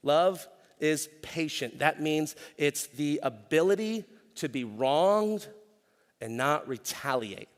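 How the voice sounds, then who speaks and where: A middle-aged man, preaching a conversational sermon as pastor and telling stories in animated slang. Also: fairly high pitch, slow pace, big-room sound. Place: church stage.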